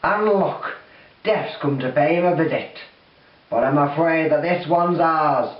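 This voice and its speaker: A man voicing a gloating male demon leader, taunting slowly and loudly. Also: recorded from a distance, close to an everyday voice. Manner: slow sneering taunts, louder and higher. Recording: dull roomy recording from off-mic.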